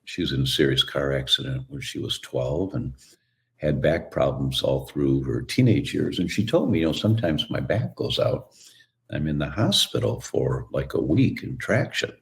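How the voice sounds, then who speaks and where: A man telling stories as a guest in an interview, relaxed and acting out the voices of people he quotes. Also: a bass voice, normal speed, vocal fry. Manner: relaxed storyteller who acts out quoted voices. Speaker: guest, chiropractor. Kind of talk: storytelling interview answer.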